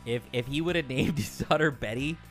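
A man's voice: mid-range voice, brisk. A man co-hosting a music show, bantering in a playful, goofy way. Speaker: co-host. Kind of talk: casual chat.

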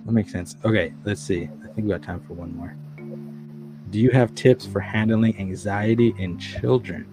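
Man podcast host, lowish voice, relaxed, easygoing, faint music underneath. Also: normal speed. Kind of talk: casual podcast interview.

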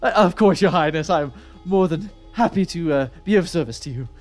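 A man puts on a cowering court minister who fawns over royalty in a flustered, obsequious way. The voice sits noticeably higher and louder than the performer's own. Game music plays quietly behind him. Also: animated, fairly quick, lightly acted. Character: fawning, nervous male high minister. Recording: background music playing.

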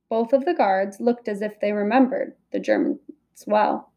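A woman reading a first-person storybook aloud in a slow, careful way. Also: mid-range voice, huge pitch swings, warm tone, lo-fi sound. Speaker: audiobook reader.

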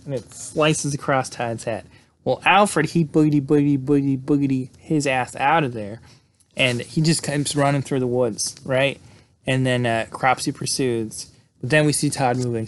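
Profane man casually recapping a movie. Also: medium pitch. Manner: loose and profane, many fillers.

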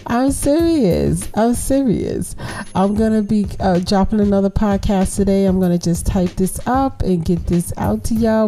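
A woman's voice: mid-range voice, moderate pace, soft background music. A woman hosting a casual solo podcast, telling a story bluntly and with plenty of cursing, speaking straight to her listeners. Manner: blunt, profane, animated storytelling; talks straight to listeners as y'all. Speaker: podcast host.

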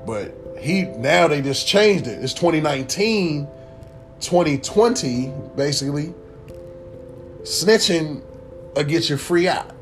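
A young man ranting casually to camera as a vlogger, animated, profane and rambling. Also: on the high side, takes it slowly, faint music behind.

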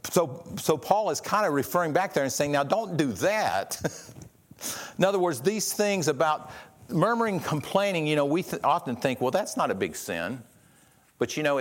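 A man's voice: fairly high pitch, animated, moderate pace, a bit bright. A man preaching a sermon in a conversational way, acting out the quotes he tells with changes in his voice. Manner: conversational, acts out quotes with shifts in voice. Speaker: pastor.

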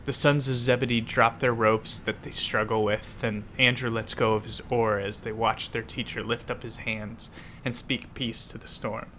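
A man's voice: mid-range voice, little pitch movement, normal speed, bright, forceful tone, slight background noise. A man giving scripted, vivid dramatic narration as a storyteller.

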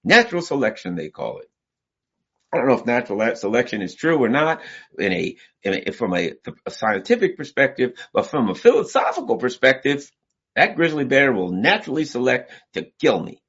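A man delivers blunt, animated commentary, building comic analogies and slipping into voices as he goes. His voice is husky and swings widely in pitch. The recording is dull and lo-fi. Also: a little fast. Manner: blunt, storytelling, acts out voices. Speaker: political commentator.

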